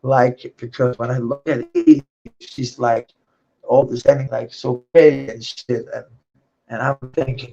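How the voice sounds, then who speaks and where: A man's voice: medium pitch, big pitch swings, measured pace, gravelly, warm tone. A man rambling through a profane personal monologue, swearing often and laughing between thoughts. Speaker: vlogger. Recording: dull lo-fi recording.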